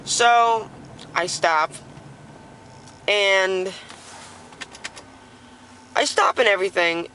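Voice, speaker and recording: A young woman in a car, telling a story casually in an excited, profane, rambling way with many restarts. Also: medium pitch, extremely slow, pauses often, slight background noise, poor audio. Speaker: vlogger. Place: inside a car while driving.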